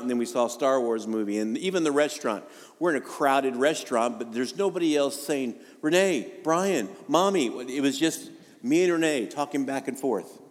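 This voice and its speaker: A man preaching a sermon in a chatty, personal way, lifting his voice for emphasis. His voice sits in a middle register. It carries a long reverb, as in a church hall. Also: mid-range voice. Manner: conversational preaching with jokes and rising emphasis. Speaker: pastor.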